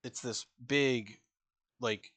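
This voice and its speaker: A man's voice: medium pitch, fairly even intonation, extremely slow, a bit bright, no echo. Rambling guy streamer, dry close mic. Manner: rambling, many fillers, acts out quotes. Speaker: streamer reacting to a musical. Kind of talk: casual reaction commentary.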